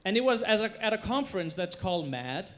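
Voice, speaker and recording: Higher-voiced man storytelling on stage. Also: sing-song, brisk, fairly bright tone. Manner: storytelling, emphatic, playful. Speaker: chef giving a stage talk. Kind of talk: stage presentation. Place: stage before a live audience.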